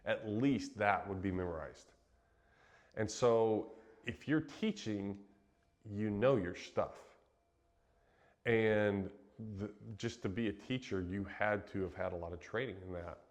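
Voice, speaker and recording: Man with a somewhat low voice, from Western Kansas, relaxed conversational Bible teacher. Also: unhurried. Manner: relaxed, chatty, laughs easily, frequent ums. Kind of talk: casual Bible teaching chat.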